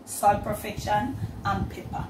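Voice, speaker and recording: A woman's voice: mid-range voice, little pitch movement, unhurried, roomy sound, very noisy. A woman with a Jamaican accent hosting a home cooking demonstration, talking chattily straight to the camera and mixing in Patois. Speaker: cooking channel host. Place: home kitchen.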